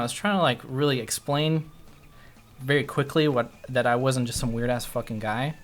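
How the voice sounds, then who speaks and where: Speaking at a normal pace with medium pitch and fairly even intonation, a man streaming live spins a casual, profane yarn. He rambles and keeps interrupting his own sentences to begin again.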